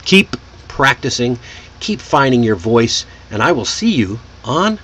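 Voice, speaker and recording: A man hosting a live online English lesson, modeling sounds slowly and deliberately. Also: medium pitch, big pitch swings, a bit bright, husky. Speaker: English teacher and show host.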